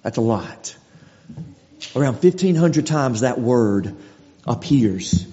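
A man's voice: mid-range voice, expressive, takes it slowly, pauses often, dark tone. A man preaching a sermon in a conversational way, often restarting his phrases. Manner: conversational, with frequent restarts and acted quotes. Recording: dull sound with long hall reverb.

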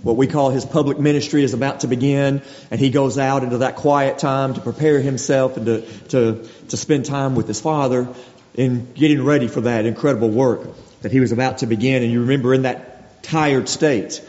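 A man's voice: mid-range voice, steady tone, moderate pace, a little mellow. A man preaching a sermon in a conversational way, often restarting his phrases. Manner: conversational, with frequent restarts and acted quotes. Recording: dull sound with long hall reverb.

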